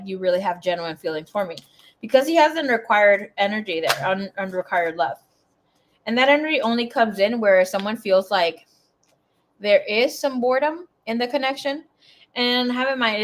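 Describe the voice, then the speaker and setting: Chatty, blunt woman reading tarot. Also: mid-range voice. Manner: chatty, blunt, swears freely. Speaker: tarot reader.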